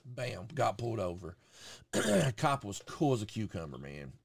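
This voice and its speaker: This man's voice sits on the low side and moves a little slowly, creaky with a breathy edge and no echo. Hosting a podcast, he tells a casual, profane story and animatedly performs what people said.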